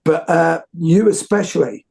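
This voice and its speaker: Effusive man, slightly husky. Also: a little high, animated, measured pace, dark tone. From United Kingdom. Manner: effusive, rambling, many restarts. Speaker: host. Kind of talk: casual interview chat.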